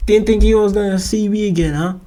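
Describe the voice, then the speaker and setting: Stuffy-nosed young man, high voice. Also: quick pace. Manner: rambling, excitable, slangy. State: stuffy blocked nose. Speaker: reaction video host. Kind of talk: casual reaction commentary.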